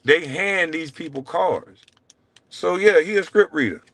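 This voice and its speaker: A man's voice: animated, a little slow, no echo. Brash, profane man ranting. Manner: profane, taunting, swings from loud jabs to low mutters. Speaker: show host. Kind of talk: heated solo rant.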